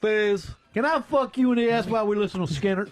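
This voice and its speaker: During a comedy radio bit, a radio host plays a crude, goofy, lovesick southern redneck, wooing in a sing-song voice with a put-on American Southern accent. His voice is high, close to an everyday sound, and he talks fast.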